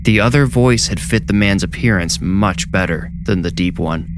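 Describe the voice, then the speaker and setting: A man narrating a horror story in a measured, steady storytelling voice. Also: lowish voice, noisy background. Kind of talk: scripted narration.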